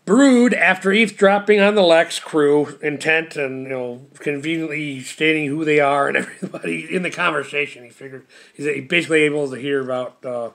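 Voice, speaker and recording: A giggly man rambling through a casual episode recap, constantly breaking into laughter. His voice sits a touch high, and he wanders along with plenty of "uh" and "you know". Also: brisk, fairly bright tone. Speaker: show reviewer.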